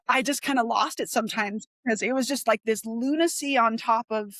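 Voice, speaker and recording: A woman's voice: fairly quick, hardly any pauses, no echo. A young woman telling a personal story as a podcast guest, rambling with lots of 'like' and acting out the voices she quotes. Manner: rambling, heavy use of 'like', animated retelling; acts out quoted voices with sharp pitch jumps. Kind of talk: candid conversational interview.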